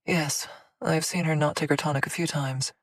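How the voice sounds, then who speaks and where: A woman's voice: deep voice, moderate pace, dry recording. A woman playing a cool, cryptic seer. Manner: calm and knowing.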